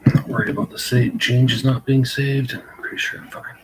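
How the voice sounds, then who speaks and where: A man reading his own story aloud and editing it live, deadpan, with muttered asides. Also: medium pitch, fairly quick, background noise.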